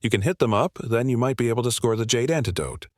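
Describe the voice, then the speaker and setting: A man reading the lines of a weary old village grandfather who speaks deadpan. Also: mid-range voice, fast talker, no echo, clean studio sound, lightly acted.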